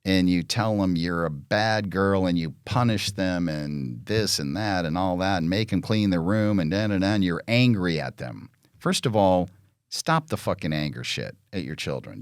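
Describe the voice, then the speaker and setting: A man's voice: low-pitched, unhurried, clear, resonant tone, dry recording, studio quality. A middle-aged man, the show's host, talking bluntly and with profanity in casual podcast chat, acting out parent and child voices as he tells stories. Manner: blunt, profane, animated storytelling.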